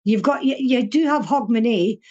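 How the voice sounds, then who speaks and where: A woman's voice: a little high, lively intonation, moderate pace, dark tone, highs cut off. Blunt older Scottish woman from Fife. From Scotland (Fife). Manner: blunt, swears freely, laughs often. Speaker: interview guest. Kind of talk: casual interview chat.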